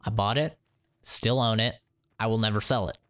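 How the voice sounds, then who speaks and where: A man's voice: fairly low pitch, moderate pace, faint music behind. A man chatting casually on a live stream, ranting animatedly with lots of swearing and laughter. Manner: animated, profane, laughing rants.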